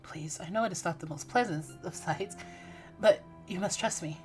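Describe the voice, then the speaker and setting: A woman voicing a solemn male master who speaks calmly and insistently, in a slow, hushed, pleading way while reading a game aloud. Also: lowish voice, soft background music, lightly acted.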